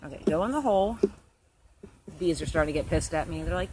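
A woman's voice: lowish voice, very animated, brisk, background noise. A woman livestreaming from her phone outdoors while tending beehives. She swears freely and swings between stress and delight. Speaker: beekeeper livestreaming her hives. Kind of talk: casual livestream. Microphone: phone held while working.

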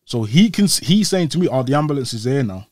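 A man's voice: medium pitch, fast, no room sound, studio quality. A young man, an interview guest telling his story casually, acting out the voices of the people in it. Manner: animated, acts out quoted voices.

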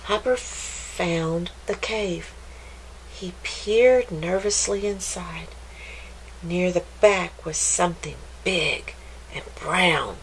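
A woman librarian reading a children's picture book aloud, with gentle, expressive storytelling. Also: lowish voice, extremely slow, slight background noise, rough recording.

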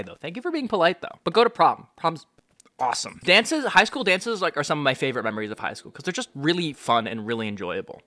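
A man in his twenties reads fan messages aloud in a casual vlog, sarcastic and animated, jumping from muttered asides to sudden yelps. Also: medium pitch. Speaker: content creator.

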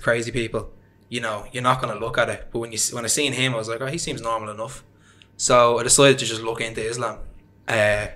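A man's voice: mid-range voice, pushed and bright. A young man with an Irish accent, a guest in an interview, telling his story in a rambling, chatty way. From Ireland. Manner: rambling, chatty, with frequent fillers and self-deprecating laughs. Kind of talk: casual conversational storytelling.

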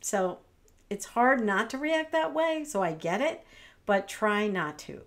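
A woman's voice: medium pitch, animated, measured pace. A middle-aged woman, a dog trainer, giving friendly, conversational advice straight to the camera. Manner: friendly, conversational, acts out soothing phrases. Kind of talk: direct-to-camera advice talk.

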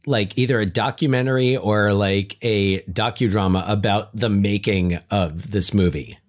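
A man's voice: on the low side, moderate pace. A man in his thirties co-hosting a podcast, chatting casually with many restarts and fillers. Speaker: podcast co-host. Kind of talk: casual chat.

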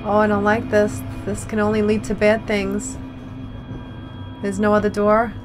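A woman's voice: mid-range voice, monotone, unhurried, over music. A young woman giving let's-play commentary on a horror game, swearing and breaking into frightened exclamations. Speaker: gamer playing a horror game.

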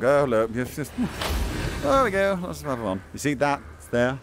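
A man giving playful, excitable running commentary while playing a VR game, chatting to a companion through a headset mic. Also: a little high, takes it slowly, noisy background. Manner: excitable, jokey asides. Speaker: gaming streamer. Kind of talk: casual VR gameplay commentary.

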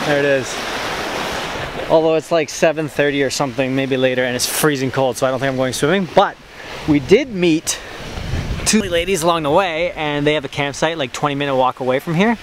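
A man's voice: on the high side, moderate pace, long pauses, background noise. Young man vlogging on a hiking trail. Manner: upbeat, joking, laughs a lot. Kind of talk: casual hiking vlog.

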